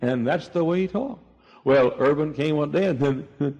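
An older man preaching a sermon, telling stories with emphatic swings between loud and hushed delivery. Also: a little high, normal speed, creaky, muffled recording. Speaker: pastor.

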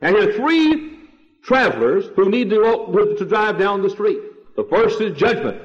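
An older man preaches with a lively, swinging delivery and a fairly high voice, his refrains ringing out with force. The old church recording is muffled and lo-fi, with long reverb trailing behind every phrase. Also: unhurried. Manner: emphatic preaching, shouting refrains. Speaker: pastor. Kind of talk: sermon.

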